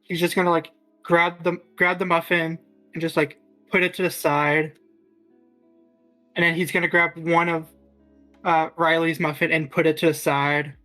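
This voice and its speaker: A woman running a tabletop game as game master, narrating in a halting way with many restarts. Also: low voice, flat delivery, a bit bright, faint music behind, poor audio.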